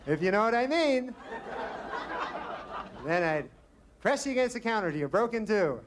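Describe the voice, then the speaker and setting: A man playing a sleazy, creepy bachelor who speaks slowly and suggestively. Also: high voice, very animated, crowd noise, pitched above the performer's own voice. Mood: leering. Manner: slow, leering, suggestive. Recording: noisy live stand-up recording.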